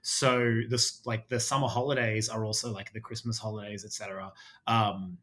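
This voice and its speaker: A man's voice: fairly low pitch, flat delivery, normal speed, fairly bright tone. A man in his thirties with an Australian accent, talking as a podcast guest in a rambling way, full of fillers and restarts. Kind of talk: casual chat.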